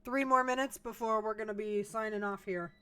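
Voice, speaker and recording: A woman's voice: mid-range voice, steady tone, a little fast, fairly bright tone, smooth. A woman hosting a podcast on a live stream, chatting and teasing in an upbeat way as she signs off the show. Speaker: podcast host. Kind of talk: live stream sign-off chat.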